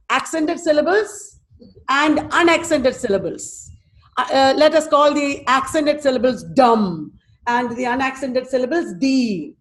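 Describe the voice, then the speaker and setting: A woman with an Indian English accent giving an online lecture, patiently repeating and sounding out words. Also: high-pitched. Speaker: teacher giving a webinar.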